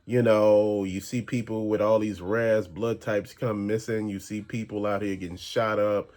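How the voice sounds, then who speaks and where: A man's voice: lowish voice, little pitch movement, unhurried, a little mellow. A man hosting a rambling conspiracy-theory rant, talking in an emphatic, slangy way. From American South. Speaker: channel host.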